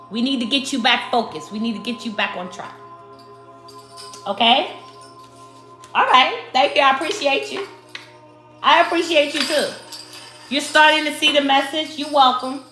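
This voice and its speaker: A woman from Brooklyn with a New York accent, giving a spiritual tarot card reading to her viewers in slow, emphatic speech that addresses them as the collective. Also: sits high, sharp tone. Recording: echoey room with faint music.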